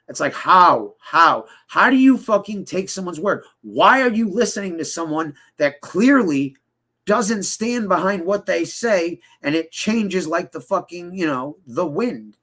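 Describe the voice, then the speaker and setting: A man's voice: fairly high pitch, lively intonation, unhurried, bright, forceful tone. A man giving a casual interview, rambling and heated, swearing often and mimicking other people in quoted voices. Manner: profane, rambling, heated, many fillers and restarts.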